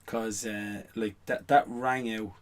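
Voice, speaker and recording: A man's voice: on the low side, fairly even intonation, slow pace. A middle-aged man, a guest on a casual podcast, telling rambling anecdotes full of "you know what I mean" asides. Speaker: guest, stage performer.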